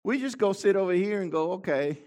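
Fervent high-voiced preacher man. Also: lively intonation, fairly quick. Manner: fervent, swings from quiet asides to shouted proclamations. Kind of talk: sermon.

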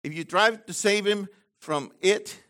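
A man preaching a sermon to his congregation, swinging between loud, emphatic lines and quiet asides, with frequent digressions and restarts. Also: sits high, measured pace. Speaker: messianic congregation leader.

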